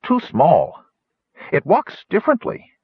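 A man doing a shrill, agitated little gnome. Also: wildly swooping pitch, takes it slowly, husky, no echo, exaggerated voice. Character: excitable small male gnome with keen sight. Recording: dull lo-fi audiobook recording.

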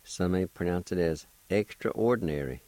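Very slow, deep-voiced male language teacher. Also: dark tone, no room sound, rough recording. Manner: deliberate, spells words out letter by letter; patient, repeats each word and spelling. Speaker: language teacher on a radio show. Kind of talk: radio language lesson.

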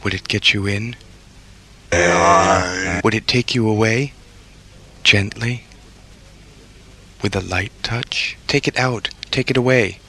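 A man's voice: on the low side, steady tone, slow pace, pauses often, breathy edge. A man performing an experimental spoken-word piece, repeating insistent questions over and over. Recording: loud noisy recording.

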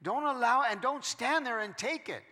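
A male pastor preaching a sermon, moving between quiet storytelling and loud, emphatic preaching. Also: very high-pitched, animated, moderate pace, long reverb tail.

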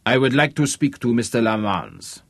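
A man's voice: mid-range voice, very animated, normal speed, gravelly, fairly bright tone, dry recording, heavily acted. A man voicing a nervous young man faking a German accent, hesitant and stiffly formal. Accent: put-on German.

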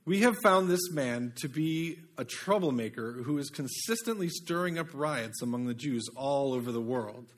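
A preacher voicing a flattering male lawyer in a put-on British accent, formal and ingratiating. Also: mid-range voice, normal speed, hardly any pauses, close to an everyday voice.

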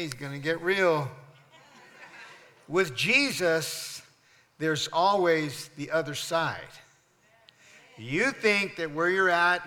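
A man preaches to his congregation in a bright, forceful voice sitting a touch above the usual male pitch. He pushes his questions out loud and high, then sinks to near quiet on the lines that carry weight. The recording rings with the long reverb of a large church sanctuary. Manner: preaching with call-and-response to the congregation. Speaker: pastor. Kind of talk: sermon.

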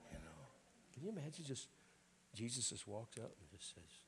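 A middle-aged man preaching an informal Pentecostal sermon in a church, hoarse and raspy, often clearing his throat, with folksy jokes to the congregation. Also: on the low side, sing-song, moderate pace, a little hiss or hum. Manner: folksy, joking asides to the congregation.

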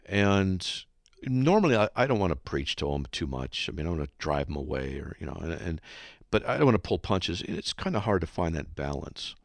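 A man hosts a Christian call-in radio show with a deep, low voice. His pitch rises and falls a lot as he recounts things earnestly and exhorts his listeners. The sound is close and dry. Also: sing-song, a little fast, gravelly, few pauses, dry recording.

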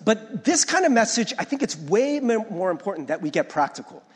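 A man's voice: high voice, sing-song, a little fast, slightly rough, big-room sound. A male pastor preaching a conversational sermon, often checking in with the congregation and restarting his words. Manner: restarts and stumbles over words.

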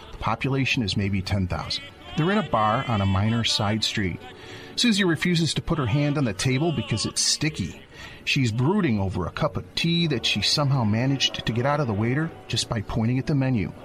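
A man's voice: medium pitch, a bit bright. A man narrating a radio drama, describing the scene and speaking directly to the listener. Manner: descriptive storyteller, addresses the listener.

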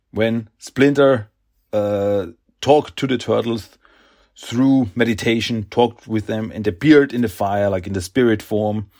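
A man hosts a podcast, casually retelling a comic book story. He talks slowly and haltingly, leaning on fillers and restarts. His voice sits at an ordinary middle pitch. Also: darkish tone. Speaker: podcast host.

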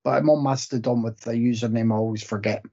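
Man podcast co-host, gravelly, husky voice, muffled lo-fi sound. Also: medium pitch, fairly even intonation, fast talker, dark tone. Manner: joking, self-mocking, sweary. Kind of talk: casual podcast chat. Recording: muffled lo-fi audio.

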